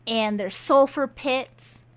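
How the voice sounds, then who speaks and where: A woman's voice: high voice, slow pace. A woman voicing a smug, earnest young male company chief, in a book recap. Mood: prim.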